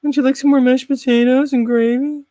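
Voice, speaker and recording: A man voicing a nagging suburban wife and mother in a high, sing-song scolding voice. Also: flat delivery, fairly quick, warm tone, no echo, studio quality. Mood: coaxing.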